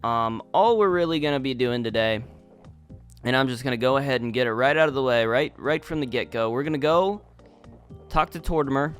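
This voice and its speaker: A man casually commenting on his game as he plays, rambling and chatty with lots of restarts. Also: medium pitch. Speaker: gaming YouTuber.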